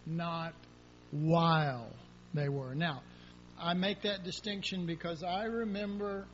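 A man's voice: a little high, steady tone, slow. A man preaching a sermon in a folksy, rambling way, acting out prayers and asking the congregation questions. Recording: dull lo-fi sound with faint hum.

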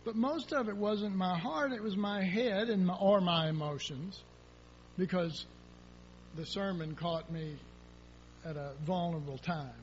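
Preacher guy, high voice, folksy and rambly, dull lo-fi sound w/ faint hum. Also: unhurried. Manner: folksy, rambling, with acted prayers and asides. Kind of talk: sermon.

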